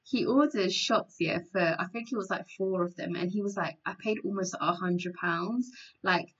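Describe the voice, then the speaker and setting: Woman, host, bright voice, giggly storytelling, lo-fi dull sound. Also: on the low side, normal speed. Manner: giggly, tells stories, acts out quotes. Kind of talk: casual chat.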